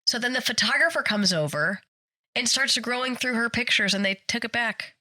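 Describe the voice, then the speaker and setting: A woman with a slightly high voice co-hosts a podcast from the studio, telling a story in casual chat at a moderate pace. She's animated and acts out the people she quotes, yelling included.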